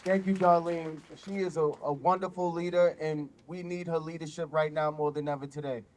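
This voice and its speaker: A man's voice: on the high side, steady tone, a little mellow, some chatter behind, a little hiss or hum. A man, a union business agent, giving a firm, prepared speech at an outdoor rally. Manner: firm, declarative, measured.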